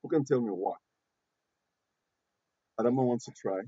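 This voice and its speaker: A man's voice: mid-range voice, moderate pace, mellow, slightly rough, dry recording. A man teaching an English grammar class in a classroom, patiently repeating himself and asking the students questions. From Côte d'Ivoire. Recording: muffled lo-fi classroom recording.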